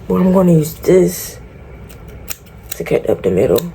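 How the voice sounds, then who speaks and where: Chatty woman vlogger with a mellow voice. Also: lowish voice, animated, unhurried, a little hiss or hum. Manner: chatty, talks straight to viewers; frank and exasperated, swears freely. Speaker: beauty vlogger. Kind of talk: casual tutorial vlog chat.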